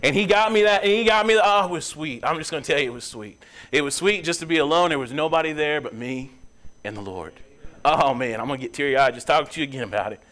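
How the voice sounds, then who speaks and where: A young man preaching in a church, earnest, his voice climbing high and loud when he presses a point. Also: fast talker. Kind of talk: sermon. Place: church sanctuary.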